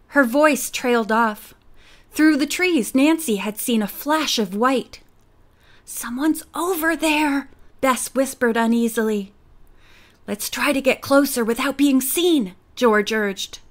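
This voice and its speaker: Slow high-voiced woman reading a mystery. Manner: unhurried, gently voicing each character. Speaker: audiobook narrator. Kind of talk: reading a mystery novel aloud.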